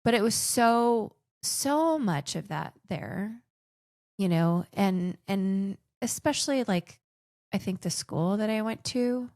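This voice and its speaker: In a clean studio recording with no echo, a woman with a mid-range, darkish voice speaks slowly but animatedly. Now in her forties and raised in the Philippines, she chats about her life as a podcast guest, often starting sentences over.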